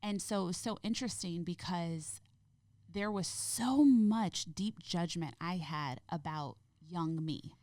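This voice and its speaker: Appearing as a guest on a podcast, a low-voiced woman reflects in conversation with a tender, sincere warmth, her phrases trailing off into audible fry. Her pace is measured. The sound is intimate and dry, without any room ambience.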